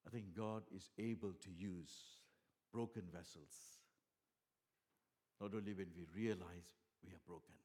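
A man delivers a sermon in a somewhat low voice. He talks earnestly, stumbling over restarts and fillers, then swells loudly on the words he wants to stress. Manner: earnest, many fillers and restarts, swings from soft to loud emphasis. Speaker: preacher.

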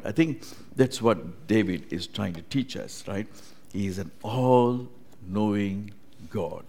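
A man preaching a sermon, who keeps saying "you know" and "right?" and swings from booming emphasis down to hushed, almost whispered lines. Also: slow, vocal fry. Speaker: pastor.

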